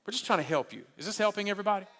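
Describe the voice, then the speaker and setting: A high, bright male voice preaching with animated humor, driving his points home by repeating them. The sound carries a long hall reverb, as from a large church auditorium. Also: racing. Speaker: pastor. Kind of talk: sermon at a marriage conference.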